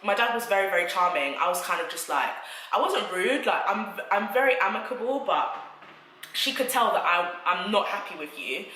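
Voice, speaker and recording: A young woman tells a story to camera, chatty and animated. Her voice is bright and forceful. The recording has noticeable room echo. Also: mid-range voice, moderate pace. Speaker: vlogger. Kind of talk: storytime vlog.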